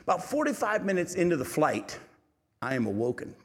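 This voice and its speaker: A middle-aged male preacher telling a lively, humorous story from the pulpit, often laughing as he goes. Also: on the high side, a little fast, husky. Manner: animated storytelling, laughing at his own story. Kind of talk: sermon storytelling.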